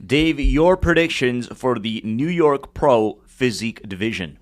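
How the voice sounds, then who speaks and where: A man reads out viewer questions at a careful, measured pace on a live show. Between questions he drops in easygoing asides. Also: mid-range voice, animated. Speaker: co-host reading viewer questions.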